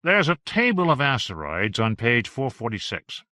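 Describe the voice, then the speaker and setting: A man's voice: medium pitch, wildly swooping pitch, moderate pace, bright, forceful tone, no echo, studio quality. A man voicing an eager male investigator asking questions on a call, in an audiobook reading. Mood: pressing. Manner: pressing, inquisitive questions. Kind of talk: audiobook dialogue.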